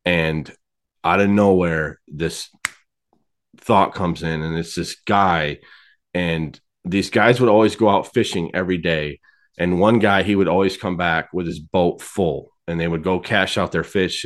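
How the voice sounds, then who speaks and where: A man's voice: low-pitched, moderate pace. A man in his late thirties telling his faith story candidly, laughing often and acting out the people in his story. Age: 30s. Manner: candid, laughs often, animated quoted voices. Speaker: podcast guest. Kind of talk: casual testimony storytelling.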